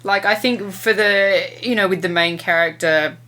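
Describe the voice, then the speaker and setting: A woman co-hosting a podcast, chatting casually about films in a relaxed, agreeable way. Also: medium pitch, normal speed. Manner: relaxed, agreeable, adds short remarks. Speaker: podcast co-host. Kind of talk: casual film review chat.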